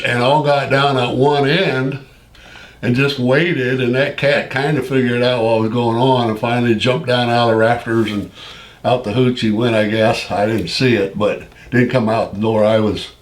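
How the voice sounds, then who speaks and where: An older man in his seventies telling a story from his past, drawing his words out slowly. His voice sits at an ordinary middle pitch. He keeps it folksy and unhurried and chuckles often between phrases. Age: 70s. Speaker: Vietnam veteran recounting his service. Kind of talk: casual spoken storytelling.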